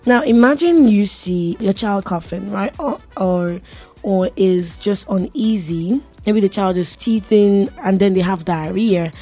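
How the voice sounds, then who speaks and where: A woman hosts a radio segment in a loose, chatty way, teasing her listeners and laughing as she goes. Her voice sits at an ordinary middle pitch. Faint music plays quietly behind her. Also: unhurried. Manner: playful, chatty, laughs often, talks to listeners directly. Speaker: radio host. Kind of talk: casual radio chat.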